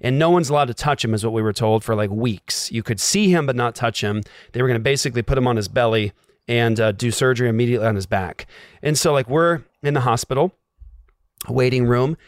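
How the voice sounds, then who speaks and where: A man sharing a personal faith testimony, acting out the dialogue and dropping to a hush at tense moments. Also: mid-range voice, brisk, no echo, studio quality. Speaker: guest telling a personal story.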